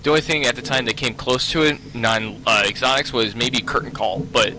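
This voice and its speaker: A man's voice: medium pitch, steady tone, a little fast, crowd noise, low-quality recording. A man co-hosting a casual gaming chat, rambling with many fillers and restarts. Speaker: podcast co-host.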